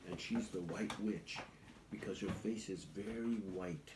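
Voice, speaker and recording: An older man, a grandfather, telling a children's story at home in a gentle, patient way. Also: fairly low pitch, unhurried. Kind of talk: bedtime storytelling. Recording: echoey, distant, noisy home recording.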